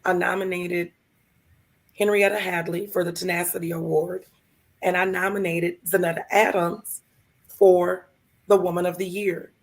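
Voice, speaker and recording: A woman co-hosting a live show, telling a heartfelt personal story in a gravelly, hoarse voice and acting out the other people in it. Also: lowish voice, little pitch movement, normal speed. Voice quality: gravelly, hoarse from vocal cord lesions. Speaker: podcast co-host.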